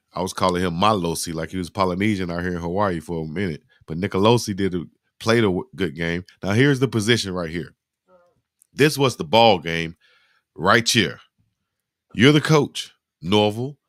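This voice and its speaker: A man hosting a live football highlight reaction, giving animated, slangy play-by-play and talking to his chat. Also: no echo, studio quality. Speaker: sports reaction host.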